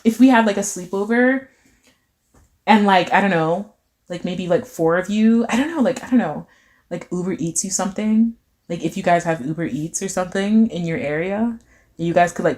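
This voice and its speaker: Brief: young woman, casual livestream host, lively swooping pitch, playful reactions, heavy "like" filler. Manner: animated, playful, lots of filler "like", sudden squeals. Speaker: livestream host reading chat.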